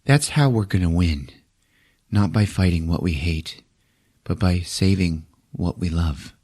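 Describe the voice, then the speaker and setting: A man voicing an earnest young woman in his own low voice. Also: unhurried, darkish tone, slightly rough, dry recording, studio quality.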